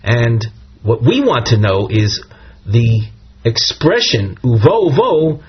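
Man, Talmud teacher, very husky, hesitant explaining, dull lo-fi recording. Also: medium pitch, sing-song, slow. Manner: reads Hebrew and Aramaic phrases, then translates and explains them; hesitant, with fillers and self-corrections. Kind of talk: Talmud lesson explaining a text.

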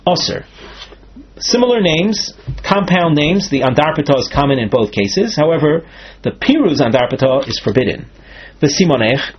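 A man's voice: mid-range voice, slightly rough. A man teaching a Talmud study lecture, explaining each term step by step, with a few restarts. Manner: methodical, explains terms step by step with some restarts. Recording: dull lo-fi recording.

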